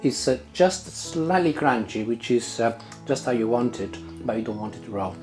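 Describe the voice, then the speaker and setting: Mellow-voiced man hosting a cooking vlog. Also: mid-range voice, animated, normal speed, faint music behind. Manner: chatty, frequent "uh" fillers. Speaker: cooking channel host. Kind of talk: casual cooking demonstration to camera.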